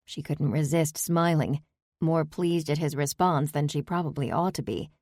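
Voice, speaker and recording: Low-voiced woman narrating an audiobook. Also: moderate pace, darkish tone, no echo, studio quality. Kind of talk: scripted narration.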